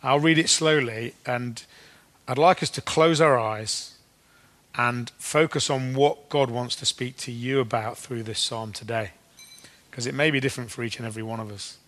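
A man preaching a sermon at an everyday, middle pitch. He talks in a loose, conversational way, with ums and restarts, and slows down to read scripture. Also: a bit bright. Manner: conversational, with fillers and restarts, slowing for scripture readings.

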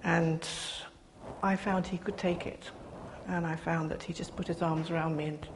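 An older woman giving a personal testimony to a gathering, speaking earnestly with pauses and restarts. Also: on the low side, steady tone. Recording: reverberant hall, faint background noise.

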